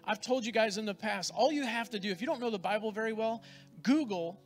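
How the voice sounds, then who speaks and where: Fervent preacher man, high-pitched, repeating himself. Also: a little fast, faint music behind. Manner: fervent, repeats phrases for emphasis. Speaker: pastor. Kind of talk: sermon with prayer.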